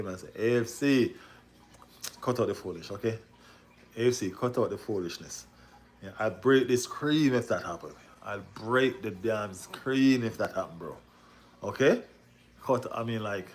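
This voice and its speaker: Excitable man ranting. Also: medium pitch. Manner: excitable, repeats himself, rhetorical questions. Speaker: football livestream host. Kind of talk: casual livestream rant.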